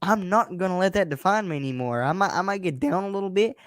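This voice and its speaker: A young man hosting his own show delivers a casual personal monologue in a high, animated voice, talking fast. He's blunt and emphatic, swears freely and restarts his words often, all on a dry, studio-quality recording.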